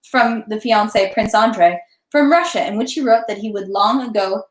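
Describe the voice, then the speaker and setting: A woman reading a classic novel aloud at a steady pace, now and then stumbling and correcting herself. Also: medium pitch, moderate pace. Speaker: audiobook reader. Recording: echoey room.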